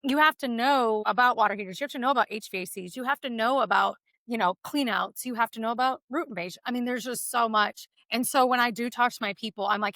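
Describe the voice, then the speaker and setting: A woman's voice: a little high, fast talker, hardly any pauses, a bit bright, no room sound. A woman with a Texan accent, a real estate agent being interviewed, talking casually and enthusiastically with many fillers.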